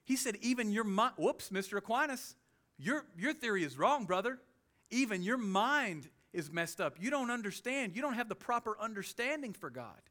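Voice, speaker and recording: A man with a Southern US accent preaching a sermon as pastor, animated, with quick humorous asides. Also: sits high. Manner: animated preaching, with sudden loud jokey voices and soft asides.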